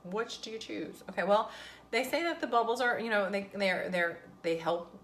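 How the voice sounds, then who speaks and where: A woman's voice: medium pitch, expressive, moderate pace, fairly bright tone, a little hiss or hum. A woman, talking casually and sarcastically to camera as a vlogger. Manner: chatty, sarcastic, venting.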